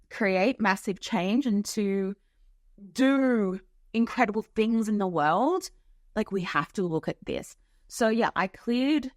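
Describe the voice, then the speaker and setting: A woman's voice: mid-range voice, no room sound, studio quality. A young woman hosting a podcast, chatting casually and frankly about spiritual topics, swearing freely and using lots of fillers. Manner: frank and profane, with frequent fillers. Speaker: podcast host.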